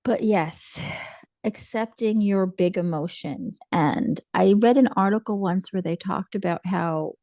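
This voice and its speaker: A woman's voice: mid-range voice, unhurried, mellow, dry recording. A woman therapist talking in an earnest, reassuring way in a casual chat.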